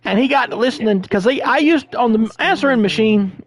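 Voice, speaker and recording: A man's voice: very high-pitched, expressive, brisk, no echo. A man in his thirties streaming a video game, telling a long story in a rambling way that repeats phrases and restarts sentences. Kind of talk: casual storytelling while gaming.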